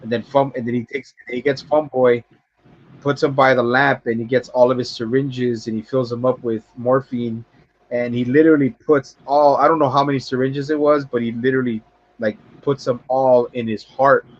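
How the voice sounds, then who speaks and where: A man on a livestream podcast talks through a film scene in a loose, rambling way. He swears a lot and repeats words while he searches for them. His voice sits at an ordinary pitch and comes through dull and lo-fi. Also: little pitch movement, moderate pace. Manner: rambling, profane, acts out scenes in high voices. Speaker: podcast co-host. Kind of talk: casual film review chat.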